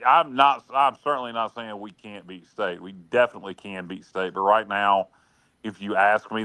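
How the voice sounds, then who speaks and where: A man's voice: sits low, bright, forceful tone, no room sound. A man co-hosting a casual sports talk show, giving frank opinions with many hedges and restarted sentences. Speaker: podcast co-host and analyst.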